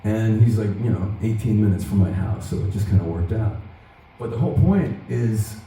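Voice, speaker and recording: A middle-aged man spins loose, animated stories to a crowd, swearing freely. His voice sounds dark and mellow. He is caught from a distance in a big, echoey hall. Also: on the low side, normal speed, slight background noise. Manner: loose, profane, animated anecdotes. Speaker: guitarist giving a workshop. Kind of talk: casual storytelling to an audience. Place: large event hall at a guitar show.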